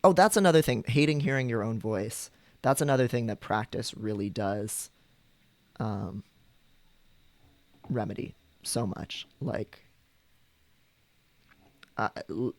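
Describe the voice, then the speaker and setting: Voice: mid-range voice, takes it slowly, long pauses, a little mellow, no echo. Rambling streamer voice, dry close sound. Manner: rambling, frequent ums and likes. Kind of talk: casual chat with stream viewers.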